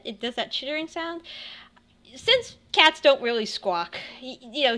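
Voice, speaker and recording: A young woman runs a tabletop session, her voice bright and sharp, her pace slow and unhurried. She narrates scenes chattily, laughing often and restarting her sentences. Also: on the high side. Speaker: game master.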